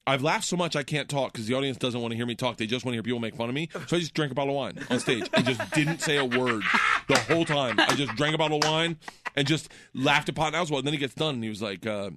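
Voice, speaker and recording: A man telling comic stories in casual chat. He laughs often and jumps into excited voices when quoting people. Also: fast, noisy background. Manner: animated, laughs often, does high excited voices in quotes. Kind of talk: casual comedic storytelling.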